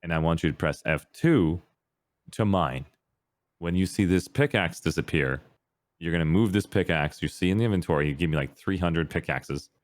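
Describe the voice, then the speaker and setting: A man telling a gaming story in casual podcast chat, acting out voices with big jumps in pitch. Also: expressive, moderate pace, no echo. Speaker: podcast guest, streamer.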